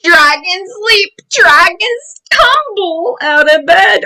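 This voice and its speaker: A woman reading a picture book aloud to children, excited and exclaiming, with gasps and cries of surprise. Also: very high-pitched, slow, low-quality recording.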